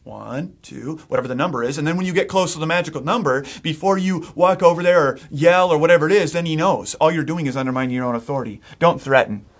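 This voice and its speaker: A man's voice: a little high, quick pace, hardly any pauses. A middle-aged man, a pastor, preaching a sermon in a casual, conversational way, often restarting his sentences and acting out what parents say.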